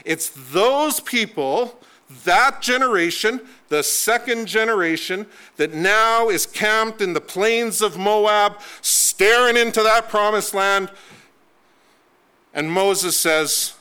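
A man's voice: high voice, takes it slowly, bright, forceful tone, smooth. A man preaching a sermon, telling the story with emphatic, dramatic delivery and sweeping shifts in pace.

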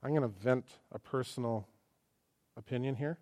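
A man preaching a sermon in church in a conversational, joking way, swinging between quiet asides and emphatic lines. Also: medium pitch, normal speed. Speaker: pastor.

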